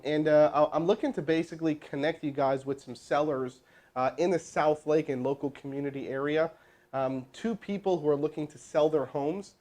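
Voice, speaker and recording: Energetic man running a sales lesson. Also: on the high side. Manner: energetic, joking, talks to chat. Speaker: sales trainer. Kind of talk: live teaching session with role-played calls.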